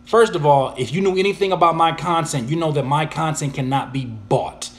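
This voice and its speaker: A man hosting a casual live Q&A, reading viewers' questions aloud and answering in an animated, slangy way. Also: on the high side, a little fast. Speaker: YouTuber and music producer answering viewer questions.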